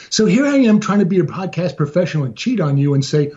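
Fast-rambling man with a husky, mellow voice. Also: fairly high pitch, sing-song, muffled recording. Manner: rapid, rambling and self-deprecating, with casual swearing. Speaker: podcast guest. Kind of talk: casual chat.

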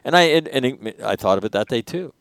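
A man's voice: mid-range voice, animated, brisk, slight background noise. A middle-aged man, a former Marine commander and host, telling a story candidly in a panel conversation, profane and full of restarts, his voice rising when he gets angry.

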